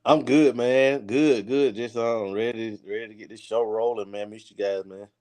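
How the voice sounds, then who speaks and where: A man's voice: mid-range voice, steady tone, moderate pace, darkish tone. A man co-hosting a sports podcast, laid-back and stumbling over repeated words. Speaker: podcast co-host. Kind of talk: casual panel banter.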